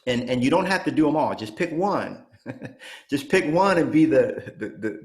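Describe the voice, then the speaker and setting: Energetic man in his fifties coaching. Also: mid-range voice. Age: 50s. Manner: energetic, punchy, keeps asking "okay?". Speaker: real estate coach. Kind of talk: motivational training talk.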